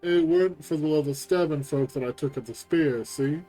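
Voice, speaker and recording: A man reading as a folksy low-born soldier. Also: moderate pace, mellow, faint music behind, natural voice, rough recording. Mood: chatty. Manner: folksy, chatty. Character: plain-spoken low-born male soldier, easygoing.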